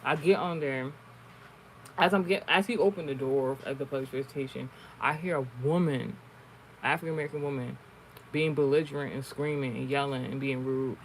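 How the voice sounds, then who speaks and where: A man's voice: medium pitch, fairly even intonation, a little fast, slight background noise, poor audio. A man telling a story in casual, rambling talk, swearing often and restarting his sentences, as an online streamer. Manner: rambling, profane, many restarts. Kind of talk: casual storytelling and card reading.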